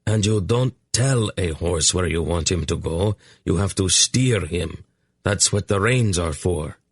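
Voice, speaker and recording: A male audiobook narrator voicing a stern, cautious warrior and horse trainer with a gruff, warning manner. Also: sits low, measured pace, no room sound, full character voice. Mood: baffled.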